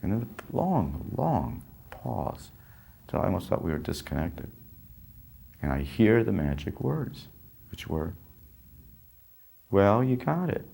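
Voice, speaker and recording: A man's voice: sits low, big pitch swings, measured pace, gravelly, mellow, husky. An older man telling a story about his past, rambling and breaking off mid-sentence with small chuckles. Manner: rambling, self-interrupting, chuckling. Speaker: actor recalling a film. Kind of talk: anecdotal storytelling.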